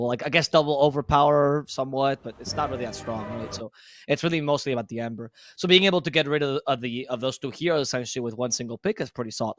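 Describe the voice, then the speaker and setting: Fast chatty caster guy from spain, english not his first language, picks apart the game with strong opinions. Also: medium pitch, a bit bright, dry recording, clean studio sound. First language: a regional language of Spain. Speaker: esports commentator. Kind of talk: live esports commentary.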